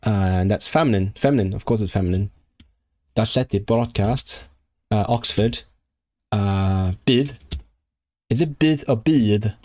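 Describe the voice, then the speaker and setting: A man's voice: lowish voice, a little slow, pauses often, darkish tone. A man from Hong Kong chatting casually on a live stream while he works through language flashcards, thinking aloud with lots of fillers and restarts. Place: indoors at his computer.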